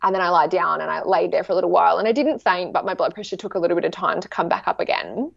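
A woman's voice: on the low side, rapid-fire, creaky, dry recording. Chatty woman telling a story. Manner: chatty, animated storytelling with acted-out quotes. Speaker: guest sharing a birth story. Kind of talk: casual chat. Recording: dry, slightly dull sound.

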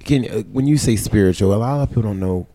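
Chatty man host with a deep, mellow voice. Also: fast. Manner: chatty, restarts sentences while asking questions. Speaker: podcast host. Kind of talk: casual podcast conversation.

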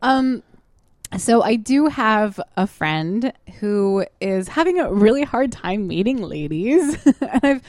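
A woman co-hosting a casual chat show, rambling and animated and mimicking other people for laughs. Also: fairly high pitch, takes it slowly, no room sound, studio quality. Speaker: podcast co-host. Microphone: studio microphone.

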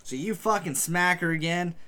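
A man's voice: high-pitched, moderate pace, bright, forceful tone. A man narrating as game master in a casual tabletop game, laid-back and profane. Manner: laid-back, profane, describes action loosely.

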